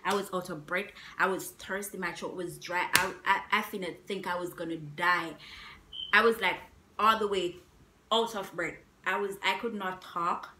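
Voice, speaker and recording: A young woman vlogger telling a story in a casual, animated way, repeating herself with emphatic asides. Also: lowish voice, normal speed, noisy background. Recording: echoey room.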